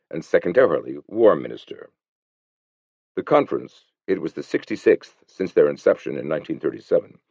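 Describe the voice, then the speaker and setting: A man reading an audiobook in scripted narration, with measured storytelling. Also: extremely low pitch, gravelly, darkish tone, breathy edge, no echo. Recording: slightly muffled dry recording.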